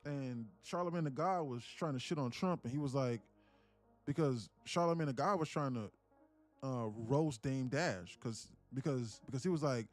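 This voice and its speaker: A man talking to his live-stream audience in a rambling, excitable way, repeating himself and swearing. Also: medium pitch, normal speed, soft background music. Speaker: day trading streamer. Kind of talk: casual live-stream commentary.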